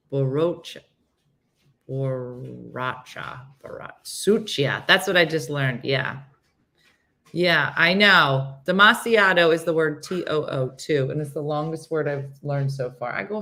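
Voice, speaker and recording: A woman's voice: sits low, bright, forceful tone. A middle-aged woman hosting a casual morning show, playful and laughing as she stumbles over foreign words. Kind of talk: casual live-stream chat.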